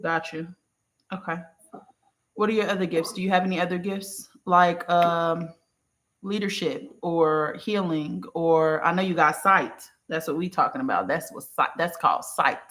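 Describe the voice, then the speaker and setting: Relaxed, chatty spiritual reader, affectionate, mid-pitched, casual reading-session talk. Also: moderate pace. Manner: affectionate, uses terms of endearment.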